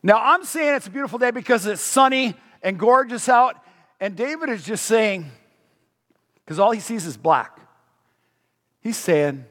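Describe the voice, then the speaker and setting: A man's voice: sits high, lively intonation, moderate pace, a bit bright. A middle-aged man preaching a sermon as a pastor, talking conversationally and asking the audience questions. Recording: long hall reverb.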